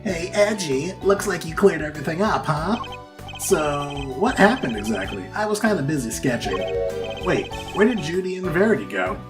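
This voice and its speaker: A high-strung young guy who frets and whines in a raised, lively voice, as a man puts him on. He has a scatterbrained, jumpy manner. Game music plays behind him. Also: normal speed. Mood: curious. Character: jittery young male sketch artist, excitable and scatterbrained. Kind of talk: reading game dialogue aloud.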